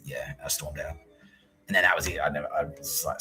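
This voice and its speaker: A man's voice: rumbling low, steady tone, a little fast, bright, forceful tone, soft background music, low-quality recording. A man with an Australian accent hosting a solo podcast, telling a long profane story in a rambling way and mimicking people he quotes. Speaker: podcast host.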